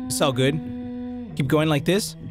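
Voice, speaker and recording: This let's play clip features a young Mexican-accented YouTuber from Mexico playing a horror game, speaking at normal speed in a fairly high, very animated voice over music. Jumpy and profane, he moves from whispered self-coaching to loud yelps and switches into Spanish.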